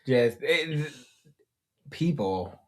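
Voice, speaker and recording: A young man talks casually with his father on a podcast. He speaks in a halting way and keeps leaning on "you know" while he searches for words. His voice sits at a medium pitch. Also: lively intonation. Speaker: podcast co-host, the rabbi's son. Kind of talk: casual conversation.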